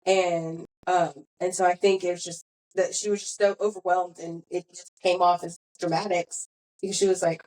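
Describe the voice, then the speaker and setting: A woman's voice: lowish voice, level tone, moderate pace, darkish tone, poor audio. A young woman hosting a podcast, telling a long story in a rambling, self-correcting way. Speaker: podcast host. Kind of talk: casual storytelling chat.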